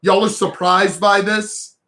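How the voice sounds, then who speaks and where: Host, male, high-pitched, angry profane ranter, raises voice to a shout at times. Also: fairly even intonation, slow pace. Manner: heated, profane, emphatic, sometimes shouting. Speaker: reaction commentator. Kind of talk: ranting reaction commentary.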